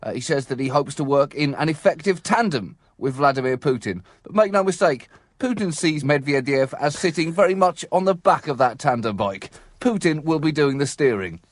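A man's voice: fairly high pitch, expressive, moderate pace, dry recording. A man co-hosting a comic news podcast, delivering jokes with dry, mock-solemn seriousness and breaking into laughs. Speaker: co-host.

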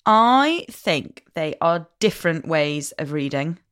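A woman co-hosting a book podcast, wry and lively, moving between chat and prepared notes. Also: sits low, slow pace, smooth. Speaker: podcast co-host.

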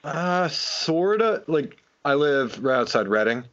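A man co-hosting a podcast, chatting in an easygoing way with quick asides. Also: on the high side, big pitch swings, fairly bright tone. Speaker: podcast co-host. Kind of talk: casual chat. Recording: dull lo-fi sound.

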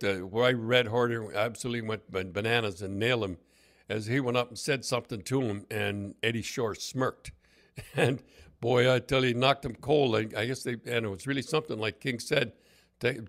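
A man's voice: mid-range voice, fairly bright tone. An older man telling stories in a rambling, casual way, often repeating his words and breaking into laughter. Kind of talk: casual anecdotal storytelling.

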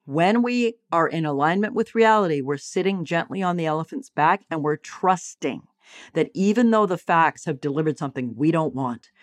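A woman speaking as a psychologist and teacher, giving an expressive motivational talk on acceptance. She calls her listeners sweethearts and darlings and slows down to stretch key phrases. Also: low-pitched, no room sound, studio quality.

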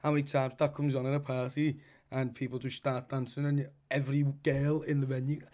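A man's voice: medium pitch, flat delivery, a little fast, a little mellow. A young man with a Scouse accent, a musician chatting casually and rambling, swearing a lot and saying "you know what I mean". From Liverpool, England. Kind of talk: casual podcast chat.

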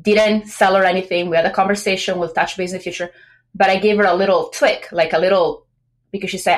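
A pregnant woman talking as a guest on a business podcast, chatty and lively, acting out quoted remarks between many fillers. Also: mid-range voice, fast. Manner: animated, acts out quoted voices, many fillers. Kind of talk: casual interview talk.

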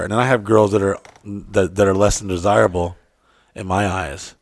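A man's voice: on the low side, fairly even intonation, brisk, no room sound. A young man in casual chat, telling crude stories in a rambling, loose way.

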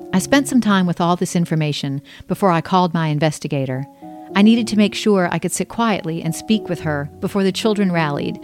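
A woman's voice: on the low side, a little mellow. A woman reading her own memoir aloud in a reflective, intimate, wry first-person narration.

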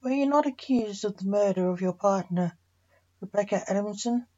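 A woman's voice: mid-range voice, normal speed, mellow, natural voice. A woman reading a needling male prosecutor. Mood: probing. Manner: probing, needling questions. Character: pushy male prosecuting barrister. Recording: dull lo-fi recording.

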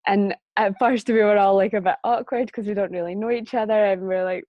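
A woman's voice: mid-range voice, fairly even intonation, brisk, dry recording, muffled recording. A woman telling a personal story as a guest in a casual conversation, chatty and laughing often. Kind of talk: casual chat.

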